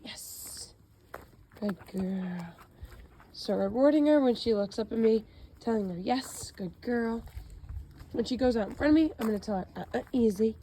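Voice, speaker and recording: A woman teaching dog training outdoors, her voice a little scratchy and hoarse. She explains calmly, then snaps out short commands and praise. Faint outdoor noise sits behind her. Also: a little high. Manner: calm instructive talk with quick dog commands and praise. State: slightly hoarse, losing her voice. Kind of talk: instructional dog training demo. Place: outdoors, chilly.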